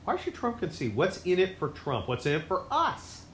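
A man hosting his own show, delivering a rambling, sarcastic political monologue that swings between loud outbursts and low mutters. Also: huge pitch swings, normal speed, reverberant, a little hiss or hum. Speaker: podcast host.

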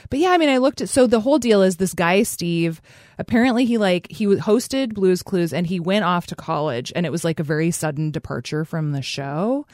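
A woman's voice: on the low side, a little fast, darkish tone, no room sound. Podcast host, woman in her late 30s, chatty and laughing, dry close mic. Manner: chatty, lots of fillers and laughter. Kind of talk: casual chat.

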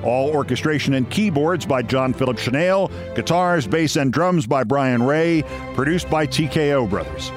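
A man hosting a podcast, reading a short story aloud in a theatrical, expressive way. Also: medium pitch, moderate pace, soft background music. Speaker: host.

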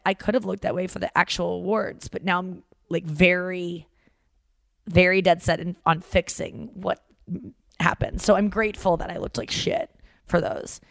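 With a lowish voice and no echo on the recording, a podcast host in her thirties spins animated stories in a casual chat, packing them with filler words and voiced quotes.

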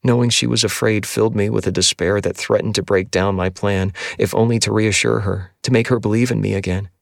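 A man reading a first-person novel aloud in a measured, somber audiobook narration. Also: on the low side, steady tone, gravelly, no room sound, studio quality.

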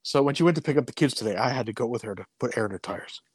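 A man co-hosting a podcast, telling a story in a casual, animated way, cursing freely and acting out what people said. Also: medium pitch, rapid-fire, breathy edge, no room sound. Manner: animated, profane, acts out voices in his story. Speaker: podcast co-host.

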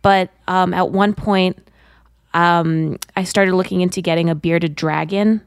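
A woman's voice: on the low side, fairly even intonation, clear, resonant tone, no echo, clean studio sound. A woman telling a short story in casual chat, with lots of fillers. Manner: halting, filler-heavy storytelling.

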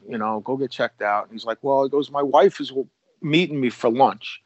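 A man's voice: medium pitch, fairly quick, a little mellow, no room sound, lo-fi sound. A man, a former police officer, casually telling a long story with many restarts and acted-out quotes. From United States.

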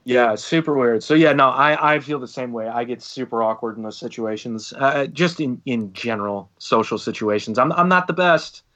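A man's voice: mid-range voice, normal speed, hardly any pauses. A man in his thirties co-hosting a casual podcast, telling stories and acting out other people's lines. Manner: animated storyteller acting out quotes. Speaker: podcast co-host and band singer.

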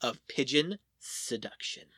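A man's voice: medium pitch, lively intonation, measured pace, sharp tone, breathy edge, dry recording, clean studio sound. A man co-hosting a casual podcast, explaining odd facts in a playful, joking way. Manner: jokey, explains fun facts with playful asides. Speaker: podcast co-host. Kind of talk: casual chat.

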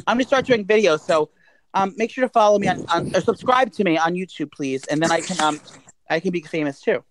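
A man's voice: high-pitched, fairly quick, a bit bright, a little hiss or hum, poor audio. A man co-hosting a podcast in casual chat, rambling on with lots of "like" and "um" and reading out his own promos. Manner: chatty and rambling, full of "like" and "um"; reads out promos. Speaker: podcast co-host.

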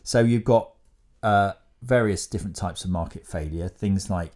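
Low-voiced man explaining economics casually. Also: normal speed, darkish tone. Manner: explains at length with many fillers and restarts, dry humour. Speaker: podcast co-host.

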